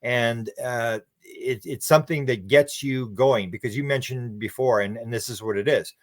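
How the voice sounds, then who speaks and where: A Canadian man with a Canadian accent, a researcher answering interview questions and telling a story, acting out the quoted dialogue with lively shifts in voice. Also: mid-range voice, normal speed. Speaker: guest, UFO researcher.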